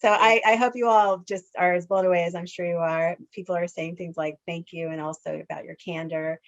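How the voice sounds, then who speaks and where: A woman's voice: on the low side, fairly even intonation, brisk. Effusive woman hosting, lo-fi audio. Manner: effusive, emotional, laughing often. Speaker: event host. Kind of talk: hosting an online event. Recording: dull lo-fi audio.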